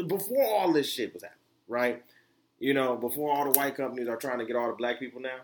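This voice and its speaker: A man from the United States hosting a casual solo podcast. He rambles with many fillers and restarts, and his voice jumps high when he gets excited. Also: quick pace. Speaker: podcast host.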